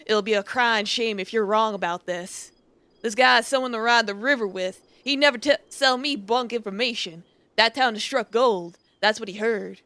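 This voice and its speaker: A man's voice: high voice, normal speed, bright, forceful tone, smooth, no echo. Woman doing a drawling outlaw gang boss. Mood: scheming. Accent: put-on American Southern drawl. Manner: folksy Old West talk, persuasive. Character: boastful male outlaw gang leader, scheming.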